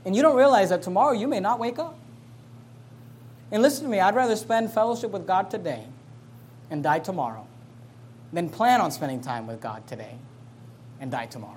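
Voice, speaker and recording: High-voiced man preaching emphatic sermon. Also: very animated, fairly quick, pauses often, a little hiss or hum. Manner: emphatic, repeats rhetorical questions, swings from soft to loud. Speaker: pastor.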